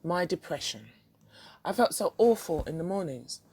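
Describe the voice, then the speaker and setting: A reader doing a flat, depressed husband. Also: medium pitch, slightly rough. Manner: slow flat monotone. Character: depressed middle-aged husband, flat and dull.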